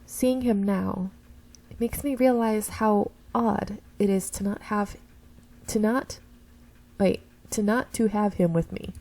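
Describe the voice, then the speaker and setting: Woman streamer narrating a story game, mellow and gravelly, reads expressively and fixes her stumbles. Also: mid-range voice, slow, low-quality recording. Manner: expressive first-person reading, slips and corrects herself. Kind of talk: reading a visual novel aloud with asides.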